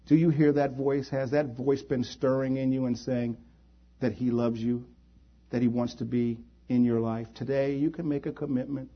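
Husky gravelly-voiced guy preaching, begging folks to raise hands, dull lo-fi church tape. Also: medium pitch, flat delivery, normal speed. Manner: pleading, invites hands raised. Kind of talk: sermon with altar call and prayer. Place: church service.

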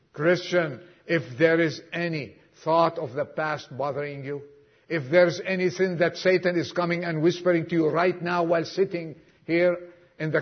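A man preaching a sermon to a congregation, emphatic, acting out dialogue and dropping suddenly to a hush. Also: a little high, highs cut off. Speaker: pastor. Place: church congregation.

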